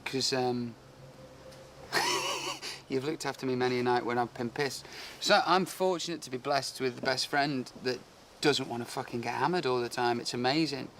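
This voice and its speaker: A man's voice: medium pitch, fairly quick, few pauses, a bit bright, a little hiss or hum. A young man chatting backstage, sardonic and joking, with frequent swearing. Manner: wisecracking, sardonic, swears freely. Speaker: pop singer. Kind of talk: casual backstage chat. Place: backstage room.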